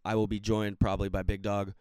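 A man's voice: fast, clear, resonant tone, no echo. Ranting young male sports podcaster. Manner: ranting, swearing, rising to near-shouts when angry; calmer, lower-key recap talk. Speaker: podcast host. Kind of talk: solo sports podcast commentary.

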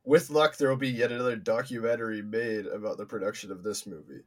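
A man's voice: on the low side, fairly even intonation, quick pace. A young man co-hosting a casual movie podcast, easygoing, adding short remarks. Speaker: podcast co-host. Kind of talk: casual chat.

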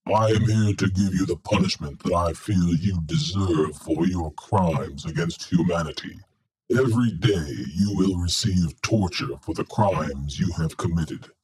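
A man voicing a stern red robot devil who speaks in a deep, droning android voice. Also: darkish tone, slightly rough, exaggerated voice. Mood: commanding. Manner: slow, commanding decrees.

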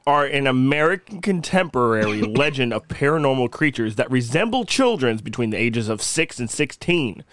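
A man's voice: medium pitch, big pitch swings, moderate pace, few pauses, fairly bright tone, dry recording, clean studio sound. A young man co-hosting a casual podcast, laughing often and swearing freely as he tells a spooky story. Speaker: podcast co-host.

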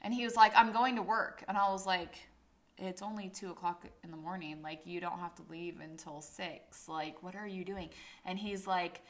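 Animated swearing woman telling a story. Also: on the low side, moderate pace. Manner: animated, swearing often, acts out quotes loudly. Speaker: podcast co-host. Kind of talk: casual storytelling chat.

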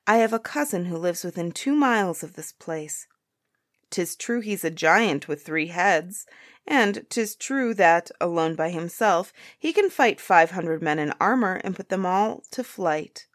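Cheeky fairytale hero lad, quick-witted trickster, read by a woman. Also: fairly low pitch, expressive. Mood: reassuring. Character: clever young male giant-killer, cheeky trickster.

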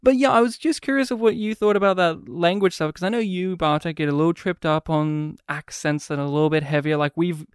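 High-voiced animated man. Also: fairly quick, few pauses, clean tone, no echo, studio quality. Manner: animated storyteller, acts out quotes. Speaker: podcast co-host. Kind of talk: casual chat.

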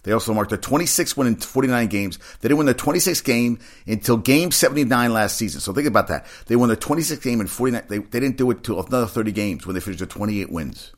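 A man who works as a personal trainer, talking casually about sports in a rambling, excitable way with frequent swearing. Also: medium pitch, quick pace, hardly any pauses. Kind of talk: casual sports chat monologue.

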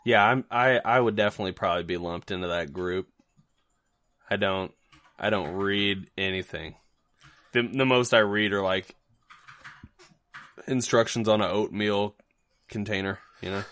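A man's voice: on the low side, normal speed, pauses often, a bit bright, no room sound. A man co-hosting a podcast in casual chat, joking loosely with many restarts and fillers. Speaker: podcast co-host.

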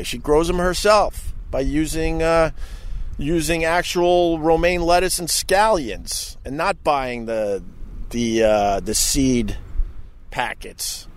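Middle-aged guy vlogging outside, chatty and cussing, slow talker, bit high voice. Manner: animated, chatty, swears freely. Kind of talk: casual rambling vlog talk to viewers.

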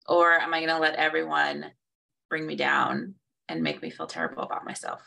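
Woman cohost chatting, low gravelly voice, acts out little quotes. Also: brisk, bright, forceful tone, far from the mic. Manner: acts out quoted reactions, laughs at herself. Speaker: co-host. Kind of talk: casual conversation.

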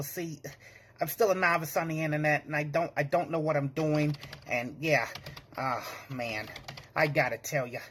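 A man's voice: on the high side, a bit bright, breathy edge. A young man performing a comedic sketch monologue, flustered and panicky, whining and apologizing.

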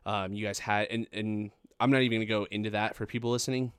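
Young male podcast host, low-ish voice, rambling and profane, dry close mic. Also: steady tone, fast, clear, resonant tone, no echo. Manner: rambling, lots of fillers, profane. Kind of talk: casual podcast chat.

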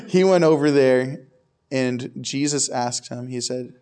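A man's voice: mid-range voice, unhurried, a little mellow, clean tone. A young man preaching a casual, conversational sermon to a youth group, with frequent asides to the crowd. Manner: casual, repetitive "I can tell you" asides to the crowd.

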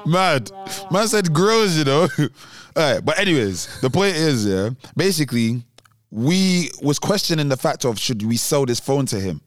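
A man's voice: medium pitch, sing-song, moderate pace, no room sound. A young man, telling a story on a casual podcast and acting out other people's voices. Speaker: podcast co-host.

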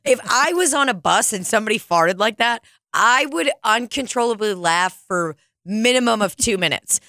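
A woman's voice: medium pitch, moderate pace, bright, forceful tone, dry recording, clean studio sound. A woman co-hosting a casual chat, crude and laughing often, acting out silly voices mid-story.

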